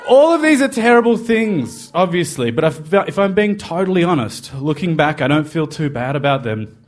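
A man's voice: on the high side, very animated, moderate pace. Wry man telling a story. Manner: wry, self-deprecating confessional telling. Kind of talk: personal story told to a live podcast.

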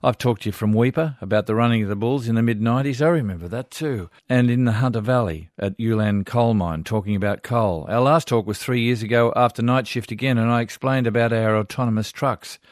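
A man's voice: medium pitch, brisk, hardly any pauses, dry recording, studio quality. An older Australian man hosting a radio show, reading listener letters with chatty asides. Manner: warm chatty asides, chuckling.

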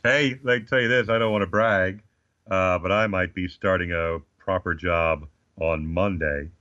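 Low-voiced Australian man, dry jokes. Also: fairly even intonation, normal speed, pushed and bright, no room sound. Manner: dry joking storyteller. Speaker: guest. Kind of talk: casual comic chat. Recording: slightly dull lo-fi sound.

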